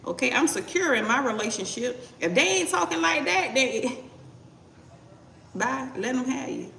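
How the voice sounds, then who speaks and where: Blunt, bright-voiced woman tarot reader. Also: sits high, animated, normal speed, gravelly, a little hiss or hum. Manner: blunt, profane, punctuates with "okay?". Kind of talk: casual live tarot reading. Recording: roomy echo, voice distant from mic.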